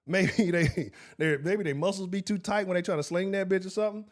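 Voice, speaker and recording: A brisk, high-voiced man hosts a live-streamed sports talk show, heated, profane and animated, speaking directly to his chat.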